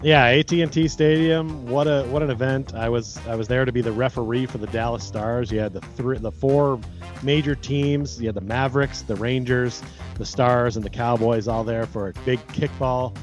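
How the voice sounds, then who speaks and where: A man co-hosts a relaxed podcast and tells his stories with real animation, often laughing along. His voice sits right in the middle of the range. There is a faint bed of music under him. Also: medium pitch, normal speed. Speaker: podcast co-host. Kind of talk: casual podcast chat.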